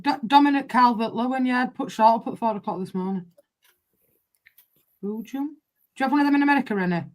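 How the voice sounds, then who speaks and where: A woman's voice: a little high, fast, pauses often, a little mellow. A woman with a Northern English accent hosting a football watchalong live stream, chatting casually and bluntly with a lot of swearing. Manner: blunt, sweary, repeats "I can't lie".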